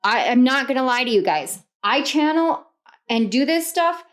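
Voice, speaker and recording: A woman's voice: high voice, animated, normal speed. A woman reading tarot cards to camera, earnest and rambling, often repeating herself and laughing. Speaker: tarot reader.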